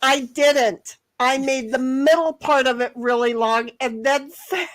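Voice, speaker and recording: A woman's voice: high-pitched, unhurried. A woman co-hosting a casual livestream chat, rambling through stories with lots of restarts and giggles. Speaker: livestream co-host.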